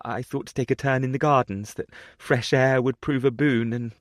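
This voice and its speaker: A man's voice: medium pitch, steady tone, no echo, clean studio sound, voice pushed up, close to an everyday voice. A man voicing a flustered young female nursemaid in an audiobook, breathless and apologetic. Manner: breathless, hurried.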